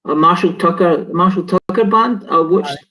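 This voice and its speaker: A man's voice: high-pitched, normal speed, pushed and bright, rough recording. A man co-hosting a casual chat, rambling and laughing as he loses his train of thought. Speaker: co-host.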